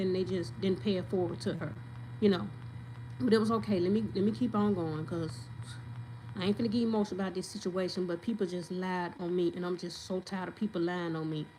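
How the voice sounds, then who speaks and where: A woman's voice: mid-range voice, a little mellow, low-quality recording. A woman, telling her story in an emphatic, venting, casual way straight to viewers, with faint noise behind her.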